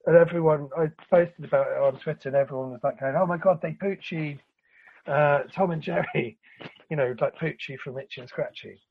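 A man's voice: fairly high pitch, slightly rough. A man ranting in casual chat, laughing and swearing as he picks apart an old cartoon film. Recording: lo-fi recording.

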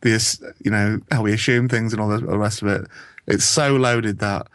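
A man's voice: lowish voice, fairly even intonation, fairly quick, no echo, studio quality. A man hosting a radio show, chatting casually, laughing often and tripping into restarts. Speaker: radio host.

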